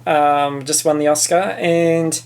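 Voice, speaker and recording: An Australian man with a gravelly, creaky voice, talking through a film review in a loose, casual podcast chat. He is blunt and opinionated, and he swears freely as he makes his points. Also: fairly high pitch, level tone, takes it slowly, darkish tone. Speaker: podcast co-host.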